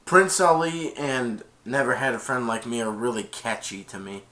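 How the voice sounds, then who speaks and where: A man's voice: mid-range voice, normal speed, pushed and bright. A man casually reviewing a film, retelling the plot in a rambling way with many "and then"s.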